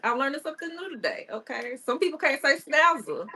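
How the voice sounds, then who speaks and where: A woman's voice: on the high side, very animated, fairly quick, bright, forceful tone, slight background noise. Giggly, chatty woman livestream host. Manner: chatty, giggly, informal, self-teasing. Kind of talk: casual live-stream interview.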